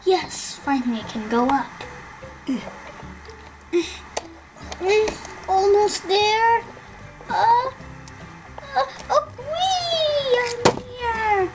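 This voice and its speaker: A woman's voice: extremely high pitch, takes it slowly, over music, heavily acted, low-quality recording. A woman voicing a greedy, impulsive little girl doll in a toy play video, with a sweet, childlike sing-song voice. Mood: eager.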